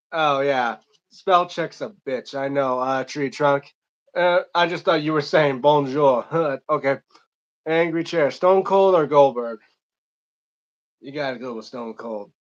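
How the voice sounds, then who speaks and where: Here the same young host from Michigan is again live and unscripted, chatting casually as he reads viewer comments aloud and meanders through replies. His voice is medium-pitched and slightly bright, captured with lo-fi sound quality.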